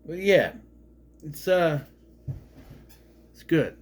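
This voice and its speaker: Very slow and sing-song, a man gives a loose, rambling spoken review of a movie. He keeps restarting sentences, and his pitch and volume swing around.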